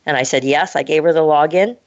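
Woman, storyteller, animated, acts out dialogue, lower voice, dull dry sound. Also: fast talker, dry recording. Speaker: podcast co-host telling a story. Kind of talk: casual storytelling chat.

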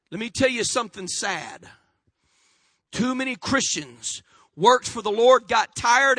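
A man's voice: extremely high pitch, no echo, clean studio sound. A man pastor delivering an impassioned sermon. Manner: impassioned preaching, dropping to a soft voice in prayer.

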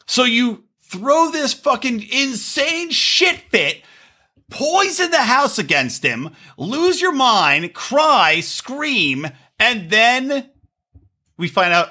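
A man hosting a podcast, ranting profanely and mocking reality TV stars with quick impressions. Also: very high voice, very animated, sharp tone. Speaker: podcast host. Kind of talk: profane comedic rant.

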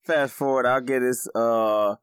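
A man co-hosting a casual movie review podcast, talking in an animated way, laughing often and swearing casually. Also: mid-range voice, unhurried, smooth, dry recording, studio quality. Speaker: podcast co-host.

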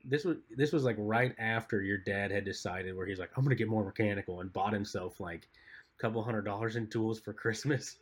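A man co-hosting a podcast, telling stories in a laid-back, rambling way and trailing off quietly at the ends of phrases. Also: lowish voice, fairly quick, breathy edge. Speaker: podcast co-host. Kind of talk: casual chat.

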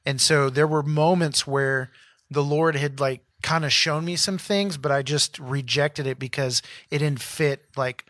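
A man's voice: on the high side, measured pace, dry recording, studio quality. A man in his thirties, a pastor co-hosting a podcast, telling a personal story in casual chat and acting out what people said. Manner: animated storyteller acting out quotes.

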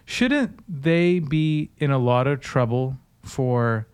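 A man's voice: medium pitch, takes it slowly, a little mellow, clear, resonant tone. A man co-hosting a podcast, chatting casually and laughing as he reads out quotes in mocking voices. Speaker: podcast co-host. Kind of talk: casual chat with quoted impressions.

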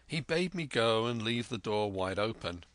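A man narrating a storybook tale in a measured, vivid reading. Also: fairly low pitch, lively intonation, fairly bright tone, dry recording.

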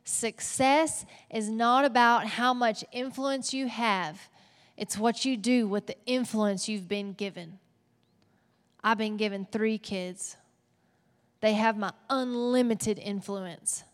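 A woman with a Texas accent preaching a sermon as a pastor, animated and playful with asides. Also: fairly high pitch, takes it slowly. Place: church auditorium. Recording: long hall reverb.

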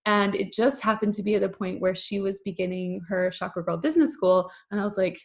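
A woman from Canada in her thirties talks as a podcast guest. She tells her story loosely and with energy, filling it with "like" and putting on the voices of the people in it. Her voice sits in an ordinary middle pitch. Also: brisk. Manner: animated, acts out quoted voices, frequent fillers. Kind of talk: casual storytelling chat.

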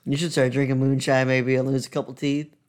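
A man's voice: mid-range voice, little pitch movement, fairly quick, clear, resonant tone. A man in a casual chat, answering his co-host with dry, joking comebacks.

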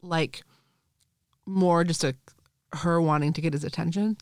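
A woman's voice: low voice, steady tone, unhurried, darkish tone, no echo, studio quality. A woman co-hosting a podcast, chatting casually about a book, laughing often and acting out quotes. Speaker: podcast co-host.

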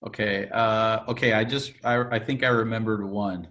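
A man's voice: on the low side, fairly even intonation, normal speed, fairly bright tone. A man playing along as a quiz contestant, hesitant and stammering, often repeating his words. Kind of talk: casual podcast game show.

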